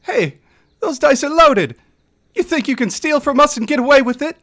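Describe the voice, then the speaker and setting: A man voicing an angry male local gambler in a high, loud voice. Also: lively intonation, normal speed, heavily acted.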